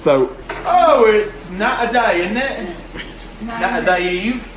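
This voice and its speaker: A man's voice: sits high, animated, takes it slowly, a bit bright, pitched above the performer's own voice, full character voice. A man playing a cheeky, slangy male celebrity chef parody, chatting through a mock cooking tutorial in a home kitchen. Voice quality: chatty, slangy, self-amused. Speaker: host. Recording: echoey kitchen with background noise.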